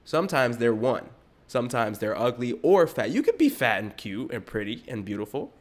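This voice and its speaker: A young man hosting a podcast, ranting bluntly in a casual style, talking in fast bursts full of fillers. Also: mid-range voice, sing-song. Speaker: podcast host. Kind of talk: casual opinion rant.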